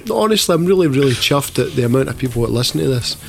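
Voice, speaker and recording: A man's voice: medium pitch, lively intonation, racing, vocal fry, soft background music. A Scottish man co-hosting a podcast in casual, sweary banter, full of restarts. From Scotland. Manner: sweary, jokey, stumbling restarts. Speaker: podcast co-host.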